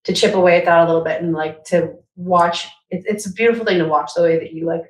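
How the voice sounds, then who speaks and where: A woman's voice: on the low side, fairly even intonation, quick pace, roomy sound, low-quality recording. A woman co-hosting a podcast in casual, heartfelt chat, emotional and rambling, full of "like" fillers. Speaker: podcast co-host.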